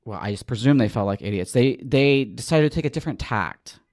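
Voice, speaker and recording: A man hosting a podcast, talking in a relaxed, chatty way and spinning stories with a wry edge. His voice sits at an ordinary middle pitch. The sound is close and dry, with no room around it. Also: brisk, no echo. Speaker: podcast host. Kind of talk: casual podcast chat.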